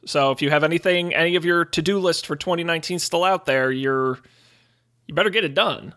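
Upbeat guy hosting a tech podcast, kinda high bright voice, jokey and chatty. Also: a little fast. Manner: upbeat, joking. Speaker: podcast host. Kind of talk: casual tech podcast chat.

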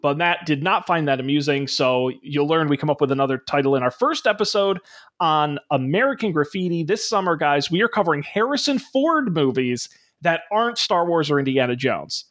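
Male podcast host, a bit higher-pitched than most, easygoing and enthusiastic, filler-heavy delivery. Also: expressive, fairly quick, a bit bright. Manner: chatty, with frequent ums and uhs; upbeat and enthusiastic when plugging the show. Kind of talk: casual tech podcast chat and show plugs.

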